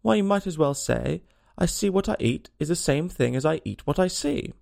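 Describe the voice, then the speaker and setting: A man's voice: a little high, lively intonation, moderate pace, gravelly, a little mellow, voice pushed up. A man voicing the Hatter, a rude, riddling, eccentric hatmaker. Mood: brusque. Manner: abrupt and contemptuous.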